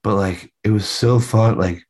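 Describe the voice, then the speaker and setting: A man's voice: lowish voice, measured pace, a little mellow. A man, a band member, chatting loosely in a video-call interview, rambling with lots of fillers and the odd swear.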